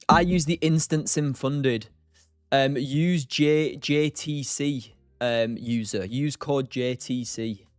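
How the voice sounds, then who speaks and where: A man's voice: mid-range voice, smooth, no echo. Young male stream host, casual and chatty, dry close mic, faint music bed. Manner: chatty, reads and answers chat by name, laughs often. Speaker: livestream day trader host. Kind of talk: casual live-stream chat.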